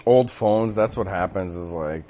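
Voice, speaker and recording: A man in a casual podcast chat, laid-back and quick to laugh. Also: deep voice, dark tone.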